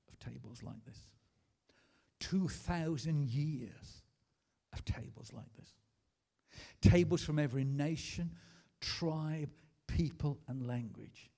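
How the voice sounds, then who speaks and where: A man's voice: mid-range voice, creaky, warm tone. A man, a pastor preaching a sermon in a school hall, emphatic, asking the congregation to repeat and answer back. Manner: emphatic preaching with call-and-response.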